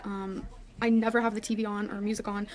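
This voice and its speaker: A woman's voice: mid-range voice, little pitch movement, brisk, a little mellow. A woman vlogger talking casually to her viewers and reading her notes aloud, apologetic and chatty. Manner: apologetic, chatty, giggly asides.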